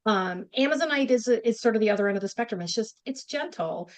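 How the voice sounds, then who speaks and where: A woman's voice: a little high, animated, quick pace. Chatty Northern woman co-host. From upstate New York. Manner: chatty, rambling, many restarts and fillers. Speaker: podcast co-host. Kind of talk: casual chat.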